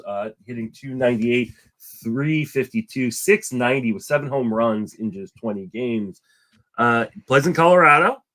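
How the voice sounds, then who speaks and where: A man's voice: medium pitch, a bit bright. A man hosting a fantasy baseball podcast, chatting casually and laughing often. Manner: laughs often, jokes about sarcasm. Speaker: podcast host.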